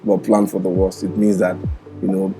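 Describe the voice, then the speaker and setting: A man offers earnest encouragement on a couple's vlog. He speaks in a somewhat low voice, halting with frequent fillers. Music plays clearly in the background. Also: flat delivery, dark tone, rough recording. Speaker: co-host, husband. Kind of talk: casual advice.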